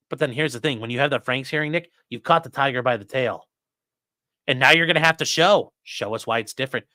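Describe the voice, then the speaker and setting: A man's voice: medium pitch, fast, sharp tone, no echo, studio quality. A man hosting a live stream, giving blunt, profane, mocking commentary to his chat. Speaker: streaming host.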